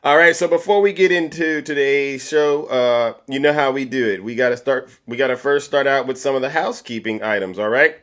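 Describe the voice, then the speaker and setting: A man's voice: medium pitch, a little fast, hardly any pauses, fairly bright tone. A man hosting a political commentary livestream, boastful and showy, with catchphrases. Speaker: livestream host.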